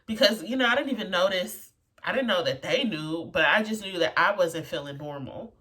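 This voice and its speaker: Woman, personal storytelling, casual with lots of fillers, lower voice, mic set back. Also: expressive, brisk, pushed and bright. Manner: casual, full of "like" and "you know" fillers. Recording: voice a bit far from the mic.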